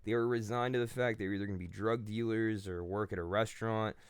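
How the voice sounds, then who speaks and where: A man's voice: on the low side, fairly even intonation, fast talker, clean tone, no echo. A man hosting his channel, giving a casual philosophical monologue in blunt, profane storytelling that acts out the people he quotes. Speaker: channel host.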